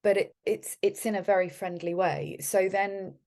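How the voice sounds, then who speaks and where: A woman's voice: medium pitch, fairly even intonation, moderate pace, darkish tone. A woman guest in an interview, speaking in a friendly way with frequent laughs and many restarts. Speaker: guest, art curator.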